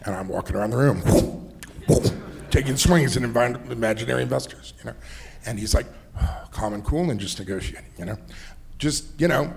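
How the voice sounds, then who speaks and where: A man's voice: a little high, creaky. A middle-aged man, an entrepreneur and investor, talking in a fireside chat, rambling through anecdotes with many "you know"s and laughs. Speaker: entrepreneur and investor, interview guest.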